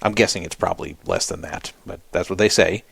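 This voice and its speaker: A man's voice: deep voice, fairly quick, creaky, fairly bright tone, husky, no echo. A man hosting a solo podcast, talking casually and skeptically and reading out viewer comments in a wry way. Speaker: podcast host.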